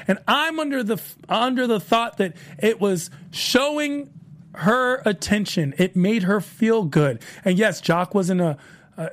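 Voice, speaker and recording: A man talks through the latest episodes of a show, high-pitched with a gravelly fry under his words. He rambles casually and circles back to repeat himself as he retells each scene. It sounds like a relaxed host recapping for his audience.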